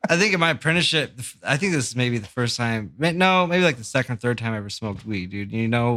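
A man's voice: mid-range voice, expressive, fast talker, sharp tone. A man co-hosting a podcast who tells his own story in loose, profane chat. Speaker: podcast co-host, tattoo artist. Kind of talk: casual chat.

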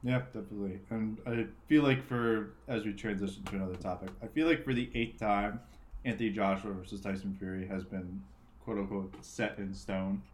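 Male co-host, low voice, hesitant and relaxed delivery, faint noise behind him. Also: fairly quick. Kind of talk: casual sports chat.

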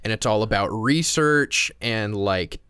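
A man's voice: on the low side, a little slow, pushed and bright, smooth, no echo, studio quality. A man co-hosting a podcast, talking in a laid-back, rambling way with many restarts over a call. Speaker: podcast co-host. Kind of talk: casual chat. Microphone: remote call.

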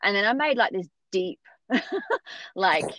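A woman tells a story in a casual, animated way, acting out other people's lines as she goes. The room is dry and close. The sound is slightly dull and muffled. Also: mid-range voice, takes it slowly, dry recording. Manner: chatty, animated, acts out others' voices. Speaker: podcast guest telling her birth story.

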